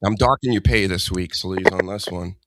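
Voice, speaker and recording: A man's voice: sits low, moderate pace, fairly bright tone, a little hiss or hum. A man hosting a casual comedy podcast, rambling and teasing his co-host in a joking way.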